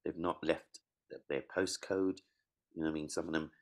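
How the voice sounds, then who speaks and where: A man talks in a casual interview and tells lively stories, acting out what people said. His voice sits extremely low. He comes across as a comedian chatting about his life. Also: normal speed, gravelly. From East London. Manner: animated storytelling, acts out quotes.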